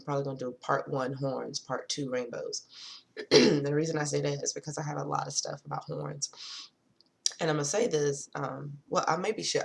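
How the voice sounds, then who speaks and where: A woman's voice: a bass voice, vocal fry. A woman talking casually to viewers in a spiritual vlog, reading from her notes, often drifting off topic and apologizing. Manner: reads notes slowly, rereads long sentences. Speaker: spiritual vlogger.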